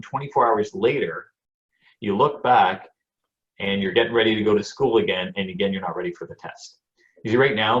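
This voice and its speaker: A man talking in a lively, storytelling way as a guest on a motivational interview show, often repeating a word as he starts a phrase. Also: lowish voice, muffled recording. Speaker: guest speaker and speaking coach.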